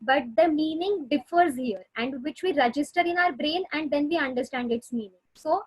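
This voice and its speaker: A woman therapist lectures in a webinar, her voice high and bright above most. The sound is dry and close, as on a video call. She explains step by step, pausing on fillers and restarting phrases. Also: dry recording, low-quality recording. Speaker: speech therapist presenter. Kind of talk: webinar lecture answering questions.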